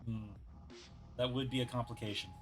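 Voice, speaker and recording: A man's voice: mid-range voice, level tone, a little fast, soft background music. A man from New York, streaming and chatting casually, laid-back and sweary, speaking into a desktop USB mic. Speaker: streamer host. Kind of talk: casual chat while drawing on stream. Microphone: desktop USB microphone.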